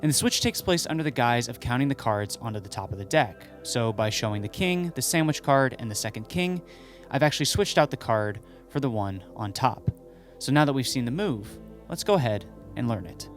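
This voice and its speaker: A man explaining a card move step by step, calmly, as the host of a magic tutorial. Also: medium pitch, brisk, soft background music. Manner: joking storyteller, acts out dialogue; calm step-by-step instruction. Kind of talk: stand-up comedy bit, then tutorial instruction.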